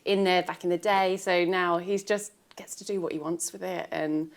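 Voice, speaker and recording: A woman's voice: fairly low pitch, level tone, moderate pace. A bubbly, gossipy woman chatting as a guest. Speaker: podcast host guest. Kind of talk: casual chat. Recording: noisy.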